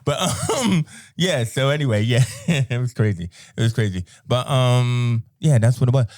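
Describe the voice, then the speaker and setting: A man's voice: mid-range voice, lively intonation, normal speed, a little mellow, dry recording, clean studio sound. A middle-aged American man from New York, telling laid-back stories with frequent laughter as a podcast guest. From United States. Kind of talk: casual chat.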